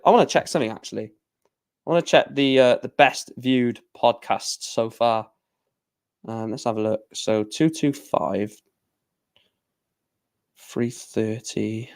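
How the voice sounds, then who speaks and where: A man's voice: medium pitch, slow, long pauses. Young man rambling on a livestream. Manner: rambling, self-correcting; reads out match scores. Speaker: livestream host. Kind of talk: casual livestream chat.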